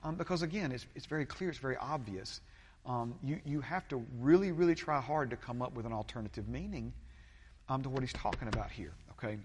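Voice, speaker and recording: A pastor preaches in a halting way, stopping on fillers and starting phrases over. His voice sits at an ordinary middle pitch for a man. The sound carries a long reverb from the church hall around him. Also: slightly rough. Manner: halting, many fillers and restarts. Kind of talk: sermon.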